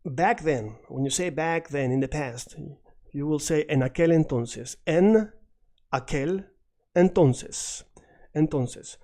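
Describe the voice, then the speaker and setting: A man teaching a recorded language lesson, patiently repeating words slowly for emphasis. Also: fairly high pitch, mellow. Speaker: Spanish teacher.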